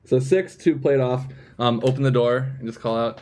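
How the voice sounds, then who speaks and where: A man plays a tabletop role-playing game and casually explains what his character does next. His pitch is a typical male middle. He talks loosely, with plenty of ums. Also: moderate pace, slight background noise. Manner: relaxed, filler-heavy. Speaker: player.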